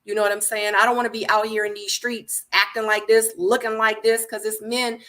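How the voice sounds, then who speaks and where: A woman's voice: mid-range voice, level tone, brisk, a bit bright. A woman hosting a casual reality-show recap, talking emphatically and repeating her points as she rants. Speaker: host.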